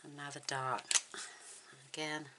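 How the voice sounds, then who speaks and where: A woman hosting a card-making tutorial, talking softly and admiringly as she works, often dropping to a near whisper. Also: low voice, little pitch movement, unhurried, noisy background. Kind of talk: relaxed craft tutorial narration.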